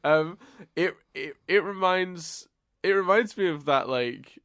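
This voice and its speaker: A podcast co-host chats casually, rambling, restarting his sentences a lot and laughing frequently. His voice is high-pitched and a bit bright, and he speaks slowly. The sound is studio quality with no echo.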